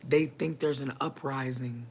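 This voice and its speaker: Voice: fairly even intonation, unhurried, darkish tone. A livestream host holds forth to viewers in a casual but impassioned monologue. The delivery is preachy and profane, with a mid-range voice that climbs sharply when pressing a point. Faint ambient noise sits under the voice. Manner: addresses viewers and chat directly; pitch swings up sharply for emphasis. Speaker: livestream host giving readings.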